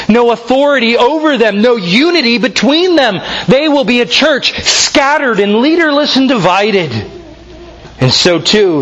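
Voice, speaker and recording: Male pastor, high lively voice, earnest emphatic sermon delivery. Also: poor audio. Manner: earnest, emphatic preaching with slow stressed phrases.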